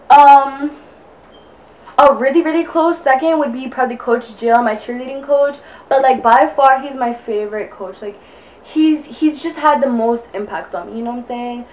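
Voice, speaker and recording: A young adult woman vlogs casually while getting ready indoors at home, her high, slightly mellow voice moving at a moderate pace. She's out of breath and rambles with constant fillers, with a faint hiss or hum in the audio.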